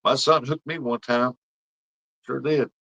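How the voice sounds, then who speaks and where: A man's voice: mid-range voice, steady tone, measured pace, gravelly, bright, forceful tone, poor audio. A middle-aged man, rambling through fishing stories as he chats with viewers on his livestream. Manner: folksy rambling storyteller. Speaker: livestream host. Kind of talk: casual chat with viewers.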